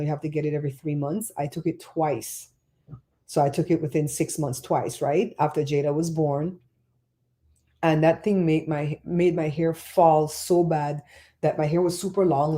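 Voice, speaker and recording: Middle-aged woman livestream host, chatty and animated, mellow lower voice. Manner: chatty, animated storyteller reading chat. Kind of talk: casual livestream chat.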